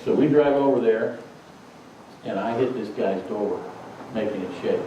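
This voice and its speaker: A male pastor preaching a sermon in a relaxed, conversational storytelling way. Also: on the low side, normal speed, a little hiss or hum. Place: church sanctuary. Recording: echoey sanctuary, distant dull mic.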